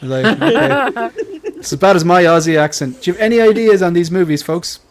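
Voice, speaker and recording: A man's voice: high-pitched, quick pace. A man hosting a casual panel chat, talking in a rambling, playful way and often cutting himself off. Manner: rambling, self-interrupting, playful. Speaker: panel host.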